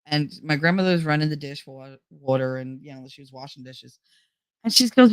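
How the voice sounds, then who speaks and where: A middle-aged woman hosting a livestream, telling family stories in a casual, animated way and acting out her relatives' voices with frequent laughter. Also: sits low, a little fast, no room sound. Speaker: livestream host. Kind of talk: casual storytelling chat.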